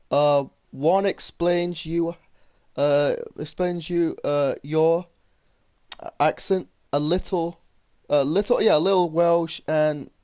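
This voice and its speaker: A man's voice: a little high, darkish tone, no echo. A man doing casual gaming commentary, rambling and swearing while he reads his chat. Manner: rambling, swearing, many restarts. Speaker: gaming streamer.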